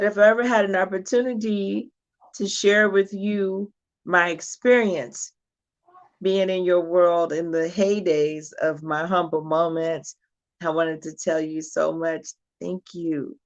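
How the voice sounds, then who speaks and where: A woman's voice: on the low side, steady tone, measured pace. A woman guest talking in an effusive, grateful way during a casual chat. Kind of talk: casual video-call chat. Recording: muffled lo-fi call audio.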